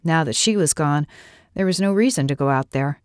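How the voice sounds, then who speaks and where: A woman's voice: low-pitched, brisk, a little mellow, dry recording, studio quality. A middle-aged woman narrating a first-person story in an earnest, reflective way.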